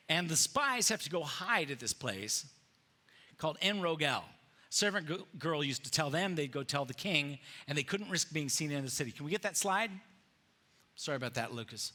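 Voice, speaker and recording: A pastor with a bright, forceful voice, sitting a little above the usual male range. He preaches in a lively, casual storytelling style, jumping into the characters' voices and dropping modern slang as he goes. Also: a little high, moderate pace, pauses often. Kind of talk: sermon. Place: church sanctuary with slides.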